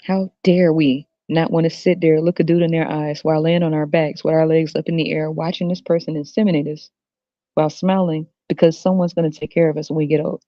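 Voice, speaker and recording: A woman's voice: sits low, level tone, a little fast, dry recording. Profane ranting woman, dull dry sound. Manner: crude, profane, laughing often; addresses viewers directly. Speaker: podcast host. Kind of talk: solo ranting monologue.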